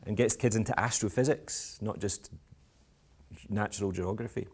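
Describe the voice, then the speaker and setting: Playful low-voiced Scottish man. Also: moderate pace, darkish tone, slightly rough. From Scotland. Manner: playful, provocative, self-mocking. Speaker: education speaker. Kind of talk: talk to parents. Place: school event with live audience.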